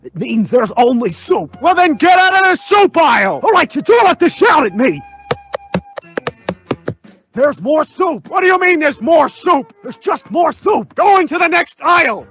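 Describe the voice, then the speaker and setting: A man voicing a frantic, quarrelsome cartoon cucumber in an animated comedy clip, replayed as dull lo-fi audio. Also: unhurried, faint music behind, exaggerated voice. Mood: shouting. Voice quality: squeaky, bickering, escalating to shouting.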